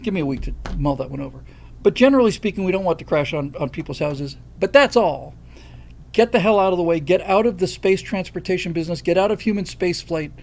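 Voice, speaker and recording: A man's voice: on the high side, vocal fry, slight background noise. An older man from the United States hosting a livestream, talking bluntly and emphatically, reading out and thanking viewer donations. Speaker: livestream host. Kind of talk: casual opinionated livestream talk.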